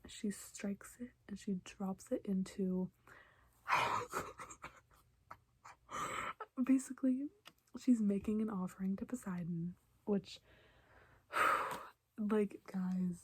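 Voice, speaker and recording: A young woman casually recapping a show for her vlog, chatty and emotional, often dropping to a soft hush. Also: mid-range voice, slow, pauses often, a little hiss or hum. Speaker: reaction vlogger.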